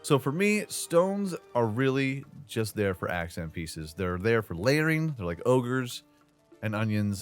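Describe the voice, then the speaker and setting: A man hosting a casual gameplay commentary, chatty and playful with loose slang and asides, recorded as a voice-over on a desk microphone. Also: sits low. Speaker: gaming channel host.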